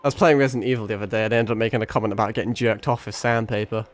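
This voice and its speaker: A man's voice: on the low side, steady tone, rapid-fire, faint music behind. A British man with an accent that carries hints of American and South African, chatting on a game stream in a playful, rambling way, swearing freely and laughing often. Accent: British, with mixed American and South African hints. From Britain. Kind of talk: casual game stream chat.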